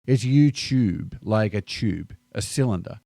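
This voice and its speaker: Wry Australian man, lively voice-over. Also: medium pitch, normal speed, dry recording, studio quality. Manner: wry, joking delivery. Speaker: vlogger. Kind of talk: scripted narration.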